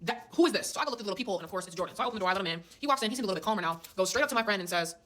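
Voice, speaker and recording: A young woman rattles through a personal story at a breakneck clip. Her voice is bright and forceful, and she keeps dropping slangy, emphatic asides to her listeners. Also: medium pitch, expressive, very fast. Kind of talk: casual storytelling.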